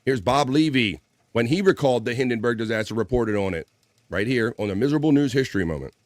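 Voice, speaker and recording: A man's voice: mid-range voice, expressive, quick pace, a little mellow, no room sound. Dry-sounding male live stream host. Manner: rambling, hums while searching, laughs easily. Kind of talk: casual live show chat.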